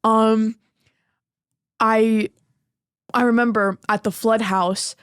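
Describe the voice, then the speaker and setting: A woman's voice: fairly high pitch, fairly even intonation, takes it slowly, clear, resonant tone, no echo, studio quality. A teenage girl chatting casually as a podcast guest, rambling and giggly with plenty of likes and ums. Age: teens. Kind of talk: casual chat.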